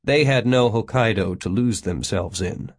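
A man's voice: lowish voice, measured pace. A man reading an audiobook, voicing an earnest, resolute lead character. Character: determined man, leader of a prank.

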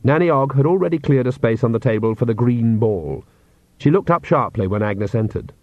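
A man narrates a comic fantasy book aloud, measured and wry. The read is close and dry, with a slightly dull, muffled tone. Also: medium pitch, expressive, darkish tone, dry recording. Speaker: audiobook narrator. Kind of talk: scripted narration.

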